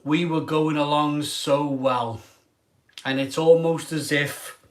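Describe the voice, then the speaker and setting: A man in an emotional vlog monologue as a craft beer reviewer. He sounds tearful and halting, and often trails off mid-sentence. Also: medium pitch, fairly bright tone.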